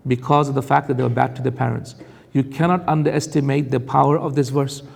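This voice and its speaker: A man's voice: medium pitch, flat delivery, fast, vocal fry, a little mellow, husky, in a large hall. A man preaching a sermon on Quran commentary, warning his audience emphatically and reciting Arabic verses between explanations.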